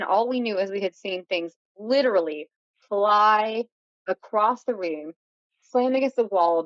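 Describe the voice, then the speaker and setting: A woman's voice: on the high side, dry recording. Dry, muffled woman telling a story. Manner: vivid, breathless retelling with many fillers. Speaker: guest storyteller. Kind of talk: casual interview storytelling. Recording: dull lo-fi sound.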